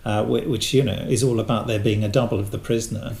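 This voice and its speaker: A man's voice: fairly low pitch, fast, gravelly. A man guesting on a podcast, chatting casually and telling anecdotes, often putting on the voices of people he quotes. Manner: chatty anecdotes, animated quoting of others. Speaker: guest, voice actor. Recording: echoey room.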